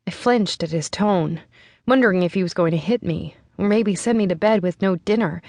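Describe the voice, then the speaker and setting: A woman narrating a first-person novel in a steady, measured way. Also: lowish voice, no echo, clean studio sound. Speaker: audiobook narrator.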